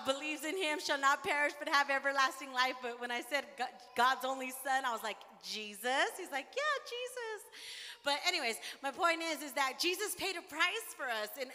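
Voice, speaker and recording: High, bright-voiced woman preaching passionately. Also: big-room sound. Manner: passionate preaching, rising to shouts. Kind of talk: sermon. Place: church sanctuary.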